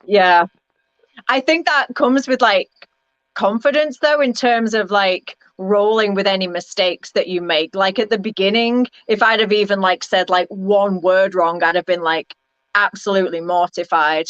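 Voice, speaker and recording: A woman's voice: medium pitch, steady tone, normal speed, a bit bright, no room sound. An English woman, a wrestling ring announcer, chatting in an interview in a rambling, hesitant way with plenty of ums. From England. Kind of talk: casual interview chat. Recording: dull, lo-fi, dry sound.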